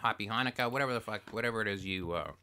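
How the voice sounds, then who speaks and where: Man, podcast co-host, profane, excitable, lowish pitch, bright tense tone. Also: rapid-fire, clean tone. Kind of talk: casual podcast chat.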